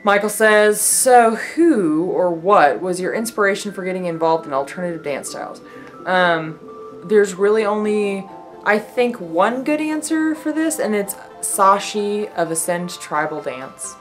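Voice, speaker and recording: A woman's voice: mid-range voice, expressive, a little slow, faint music behind. A young woman vlogger chatting casually to camera, effusive and rambling, with lots of fillers and restarts. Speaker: vlogger answering viewer questions.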